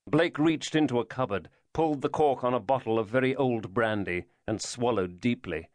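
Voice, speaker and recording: A man's voice: medium pitch, moderate pace, no room sound. Man reading a thriller, dry and close. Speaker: audiobook narrator. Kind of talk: scripted narration.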